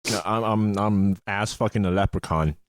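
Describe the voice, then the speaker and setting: A man with a fairly low voice co-hosts a podcast, joking crudely and playfully in casual chat at a moderate pace. The recording has a clean studio sound with no room sound.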